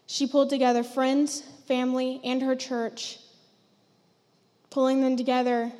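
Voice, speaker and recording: A woman's voice: a little high, darkish tone. A teenage girl on a church stage sharing a personal testimony, heartfelt and emotional. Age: teens. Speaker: student giving testimony. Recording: long church hall reverb.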